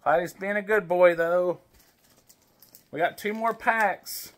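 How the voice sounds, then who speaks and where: A man's voice: sits high, takes it slowly. A man casually opening wrestling card packs at home, reading names aloud and chatting to his baby as he goes. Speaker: wrestling card collector vlogger. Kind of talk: casual pack-opening chat.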